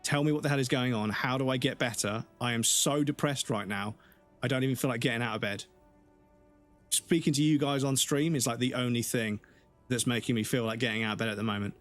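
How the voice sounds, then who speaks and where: Casting: male streamer, mid pitch, rambling and fed up, faint game music underneath. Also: fairly quick. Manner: rambling, exasperated venting. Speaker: live streamer. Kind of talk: casual chat with stream viewers.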